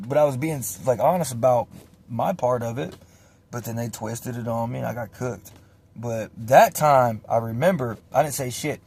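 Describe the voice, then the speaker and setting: A man telling a casual, profane story and acting out the voices of the people in it. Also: mid-range voice. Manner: profane, animated, acts out voices.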